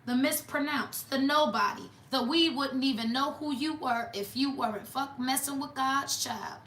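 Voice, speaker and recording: A woman's voice: high voice, moderate pace, a bit bright, echoey room. A woman doing a casual tarot reading for viewers, talking in a blunt, mocking, sassy way. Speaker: tarot reader.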